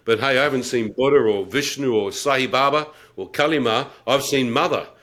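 A middle-aged man tells his personal testimony with a wry, self-mocking humour. He acts out his own thoughts vividly as he goes, and his pitch sits in an ordinary middle register for a man. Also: moderate pace, a bit bright. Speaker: guest telling his conversion story.

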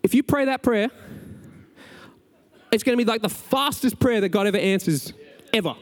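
A man preaching a conversational, energetic sermon as pastor. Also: high-pitched, moderate pace. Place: church sanctuary. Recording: large hall with long reverb, faint music.

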